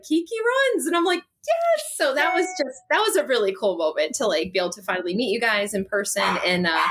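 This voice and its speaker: A woman's voice: medium pitch, breathy edge. Bubbly woman guest, light Southern accent. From New England and Texas. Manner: bubbly, excited, a little nervous. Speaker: podcast guest. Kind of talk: casual interview chat.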